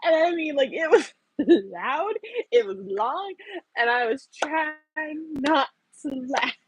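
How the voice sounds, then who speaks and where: A woman's voice: high voice, lively intonation, takes it slowly, rough recording. A young woman hosting a casual stream, telling stories and laughing often. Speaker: streamer host. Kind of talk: casual chat. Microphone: earbuds.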